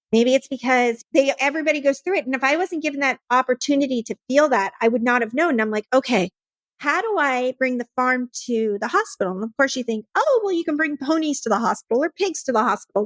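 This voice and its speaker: A woman's voice: sits high, no room sound. A woman who founded a nonprofit, earnestly telling her own story in an interview and acting out her past conversations. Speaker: nonprofit founder, podcast guest.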